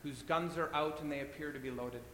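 A man's voice: fairly even intonation, a little fast, sharp tone. A man voicing a panicky first mate on a wartime ship, alarmed and breathless. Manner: breathless and alarmed, voice jumping high. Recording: echoey hall with faint rumble.

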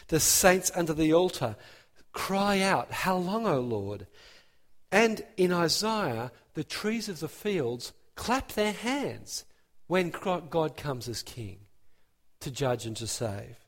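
A man preaching a sermon, emphatic and animated, building his points with rising emphasis. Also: on the high side, slow pace, big-room sound.

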